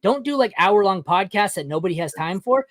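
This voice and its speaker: A man guesting on a podcast, talking bluntly and profanely in casual conversation, telling stories with animated quoted voices. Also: high voice, a little fast, no room sound.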